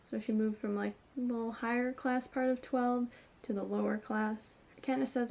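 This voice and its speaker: A woman's voice: on the high side, steady tone, moderate pace, vocal fry, a little mellow. A woman hosting her own book channel, chatting casually through a chapter recap and hedging often with "kind of" and "like".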